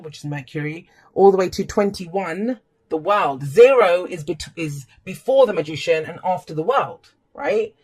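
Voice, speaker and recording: A tarot reader giving a casual, emphatic reading to camera, talking straight to viewers with blunt language and pep-talk encouragement. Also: mid-range voice. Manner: blunt and emphatic, swears freely.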